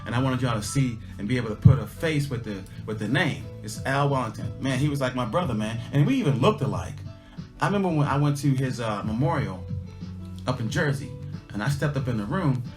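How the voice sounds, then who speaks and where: A middle-aged man hosting a livestream, telling a casual personal story and driving home life lessons with emphatic repetition. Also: medium pitch. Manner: folksy, emphatic, repeats his lessons. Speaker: livestream host. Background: faint guitar music.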